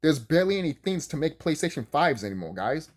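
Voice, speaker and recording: A man's voice: on the high side, sing-song, quick pace. A man ranting casually about video games, heated and sarcastic, swearing often and repeating himself. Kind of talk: casual rant to camera.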